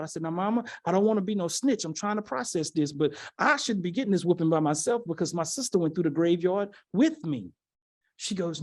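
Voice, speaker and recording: A man telling a personal story as a motivational speaker in a virtual keynote, animated and calling out to his audience. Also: sits high, quick pace. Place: virtual event from home.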